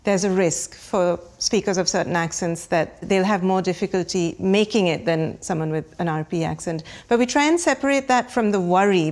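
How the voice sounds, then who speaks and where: A female academic researcher in an interview. She explains research calmly and reassuringly, at a mid pitch.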